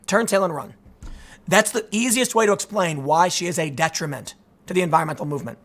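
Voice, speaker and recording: A man hosting casual political commentary, rambling and animated, repeating himself and acting out imagined exchanges. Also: high voice, fast, background noise. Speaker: commentary host.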